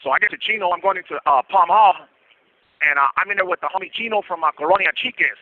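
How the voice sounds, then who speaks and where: A man's voice: high voice, quick pace, no room sound. A man, telling prison stories in casual streetwise slang over the phone and acting out the voices of the people in them. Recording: tinny phone line.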